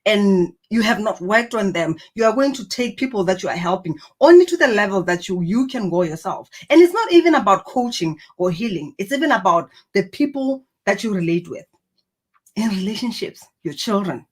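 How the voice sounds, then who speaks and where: A woman's voice: mid-range voice, expressive, moderate pace, slightly rough. Earnest woman giving motivational talk. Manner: earnest, encouraging, reflective. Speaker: personal growth speaker.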